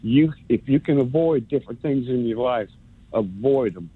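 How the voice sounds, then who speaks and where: A man's voice: medium pitch, moderate pace, slightly rough, no room sound. A man calling in to a radio sports show, rambling and sarcastic, stumbling over his words. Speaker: radio caller. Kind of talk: rambling call-in rant. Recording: muffled phone line.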